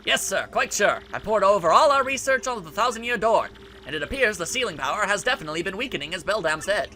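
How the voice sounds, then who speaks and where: A man plays a dutiful henchman reporting to his boss in a video game, deferential in manner. The voice is high and bright, with lively pitch. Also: fast talker, a little hiss or hum, exaggerated voice. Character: dutiful male henchman soldier.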